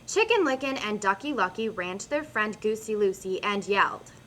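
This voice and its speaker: A young woman student narrating a silly storybook in a playful, expressive reading style. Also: medium pitch, moderate pace, a little hiss or hum. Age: young adult.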